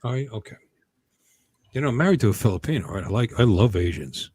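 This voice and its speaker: A man's voice: on the low side, lively intonation, fast talker, noisy background. A man hosting a casual livestream chat from home, rambling and joking, often stopping himself mid-sentence. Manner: rambling, jokey, self-interrupting. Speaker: host.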